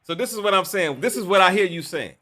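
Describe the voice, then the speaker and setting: A man's voice: sits high, fast talker. A man hosting a podcast discussion, talking over others and pushing to be heard. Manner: interrupting, loud, urging calm. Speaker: podcast host. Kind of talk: heated casual debate.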